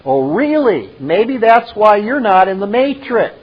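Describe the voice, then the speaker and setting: Brief: high-voiced male commentator, slow and deliberate, dull lo-fi recording. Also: sing-song, slightly rough. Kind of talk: retelling a film scene with commentary.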